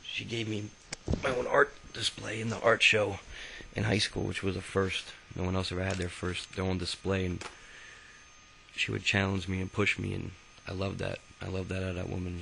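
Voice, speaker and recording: A man's voice: sits low, gravelly, a bit bright, a little hiss or hum, low-quality recording. A young man telling his own life story in a casual, rambling, profane way, with many fillers and restarts. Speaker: autobiography narrator. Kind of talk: casual spoken memoir.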